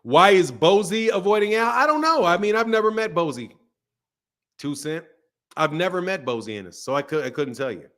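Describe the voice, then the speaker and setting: A man's voice: high-pitched, lively intonation, fairly quick, a bit bright. A man hosting a live stream in loose, casual chat, joking, laughing often and answering viewers' comments.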